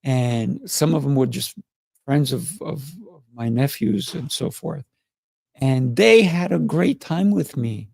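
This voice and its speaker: A middle-aged man hosting a motivational livestream, playful and excitable, often laughing as he talks. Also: medium pitch, vocal fry, no echo, studio quality. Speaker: livestream host.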